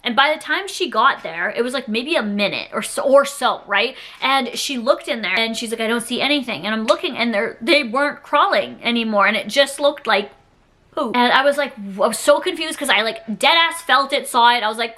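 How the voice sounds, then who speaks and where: A woman's voice: a little high, fast talker. A woman in her thirties telling a personal story to camera in a casual, rambling vlog style, full of fillers. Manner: rambling, filler-heavy, animated retelling. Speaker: YouTuber.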